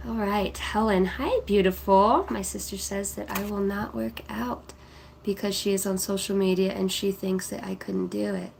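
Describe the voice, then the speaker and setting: A woman in her thirties with a mid-range, gravelly, slightly mellow voice chats on a livestream as a psychic card reader, reading out viewers' names and comments affectionately. Her intonation is fairly even, her pace moderate, with slight background noise.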